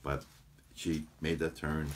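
Deep husky-voiced man telling stories. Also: takes it slowly. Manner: animated anecdotes, quotes patients in voices. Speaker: chiropractor guest. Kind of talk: casual interview storytelling.

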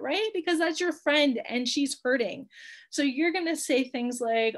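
A woman's voice: high voice, animated, moderate pace. A woman in her thirties teaching a live online class on handling emotions, chatty and reassuring, laughing often and checking in with "right?". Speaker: coach teaching emotional wellbeing.

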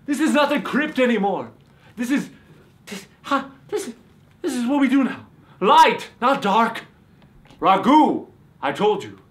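A man's voice: very high voice, very animated, a little slow, long pauses, voice pushed up, full character voice. A man doing a hammy campy vampire. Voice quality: theatrical, sudden shouts. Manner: hammy, boastful. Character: campy male vampire turned beach boy. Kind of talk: comedy sketch.

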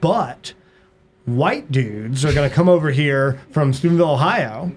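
Animated male storyteller, higher voice. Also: a little slow. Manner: animated, hums sound effects; frequent "right?" tag questions. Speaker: podcast guest. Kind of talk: storytelling in conversation.

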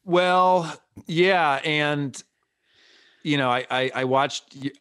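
A man's voice: fairly high pitch, slow pace, clear, resonant tone, no echo, clean studio sound. Male comedian guest telling stories. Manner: animated storytelling, laughs easily. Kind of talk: casual comedic chat.

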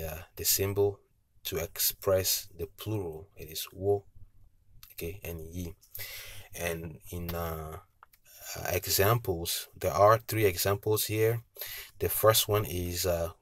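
Male language teacher, deep and very slow, hesitant fillers, dry close sound. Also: dry recording. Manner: patient, repeats each word slowly with tone cues; frequent hesitations with uh and okay. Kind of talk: slow spoken language lesson.

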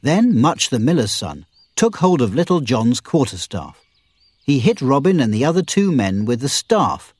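A man narrates a storybook with expressive, scripted delivery. His voice is husky and moves up and down a lot in pitch. The sound is dry and close to the mic. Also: moderate pace, no echo. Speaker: audiobook narrator.

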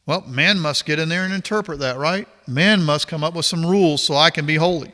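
A man in his fifties preaching a sermon, reading scripture aloud and then commenting in a lower, confessional tone. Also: fairly quick, few pauses, bright, forceful tone. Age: 50s. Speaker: pastor. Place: church sanctuary. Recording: long hall reverb.

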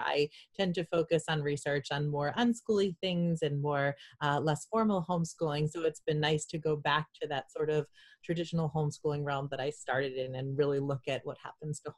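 A woman's voice: low voice, fairly quick, no room sound, studio quality. A middle-aged woman with a Southern US accent, hosting an interview in an enthusiastic, gushing way. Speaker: host. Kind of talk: casual interview chat.

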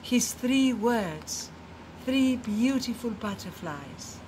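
A woman reading a picture book aloud to children, slow and expressive, dropping to a hushed, tender tone in the quiet passages. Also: a little high, a little hiss or hum. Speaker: storyteller. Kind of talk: children's story read-aloud.

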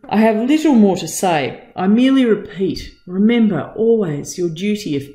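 A teacher reading aloud as an old boar leader giving a solemn, measured rousing speech to the farm animals. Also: mid-range voice, animated, dark tone, reverberant, natural voice.

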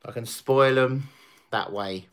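A man's voice: medium pitch, slow, a bit bright, clean tone. A man hosting a casual livestream, chatting to viewers, reading out their comments and laughing often. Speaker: livestream host. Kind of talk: casual chat to stream viewers.

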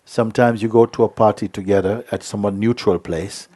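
A man giving a spiritual talk, telling a story in an unhurried way with many hesitations. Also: lowish voice, steady tone, warm tone. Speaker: spiritual teacher.

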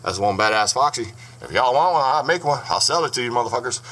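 A man talks to a camera set up in a room of his home, swearing constantly and answering his critics head-on. His voice sits at an ordinary middle pitch, and his delivery is loose, combative and informal. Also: lively intonation, fast, sharp tone. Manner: profane, combative, addresses commenters directly. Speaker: channel host showing haunted dolls. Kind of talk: casual vlog monologue. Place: home room with dolls and crib. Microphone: camera on a stand.

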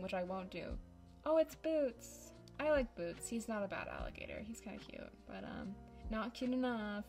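A woman's voice: mid-range voice, a little mellow. A woman giving casual, dramatic and sarcastic commentary over a game, close on a desk microphone. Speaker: YouTuber.

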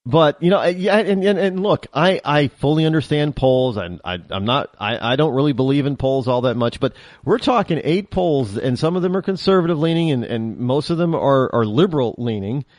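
A man hosting a political talk show, giving an animated opinion monologue and often repeating and restarting his words. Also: a little high, normal speed, hardly any pauses, no room sound, studio quality.

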